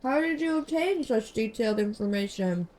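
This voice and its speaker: A woman reading aloud the lines of a prim, cold female imperial bureaucrat in a formal, measured, coolly polite voice. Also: a little high, animated, a little mellow. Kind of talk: reading game dialogue aloud.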